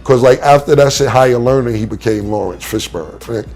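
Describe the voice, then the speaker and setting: A man telling a story in a casual interview, acting out the quotes as he goes. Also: fairly quick. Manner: animated storyteller, acts out quotes with big pitch jumps. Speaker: rapper being interviewed.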